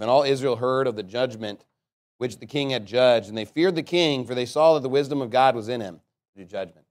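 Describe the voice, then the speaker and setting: A man preaching a sermon, reading scripture aloud and breaking into animated commentary, rhetorical questions and chuckling asides. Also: medium pitch, fairly quick. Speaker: pastor.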